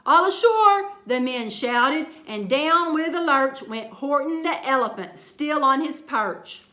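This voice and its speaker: Woman reading a children's book, high voice, slow unhurried pace, bright tone. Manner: expressive, sing-song rhyming delivery. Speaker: children's storyteller. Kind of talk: reading a picture book aloud. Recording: roomy echo.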